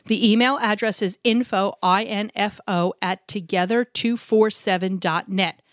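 An unhurried woman with a medium-pitched, steady voice co-hosts a casual podcast about couples in business. The studio-quality audio, from a home studio in Arizona, has no room sound. She's chatty and self-deprecating, joking as she introduces her guests.

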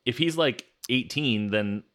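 A man's voice: mid-range voice, a little slow, fairly bright tone. Male podcast co-host, mid-range voice, easygoing and chatty with trivia asides. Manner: chatty, laughs often, researched asides. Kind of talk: casual movie podcast chat.

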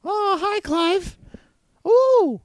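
Squealing six-armed blue critter. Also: male voice, expressive, drawn-out words, heavily acted. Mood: excited. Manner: squealing, bouncy, very high. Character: small excitable blue six-armed creature.

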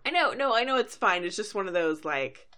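A woman's voice: mid-range voice, lively intonation, brisk, pushed and bright. A woman in her thirties, a podcast co-host, chatting casually as she recaps an episode and acts out lines.

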